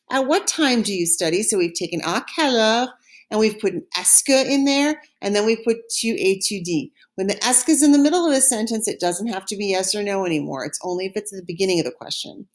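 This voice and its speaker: A woman teaching a recorded French lesson, modeling words slowly and clearly for listeners to repeat after her. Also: mid-range voice, sing-song.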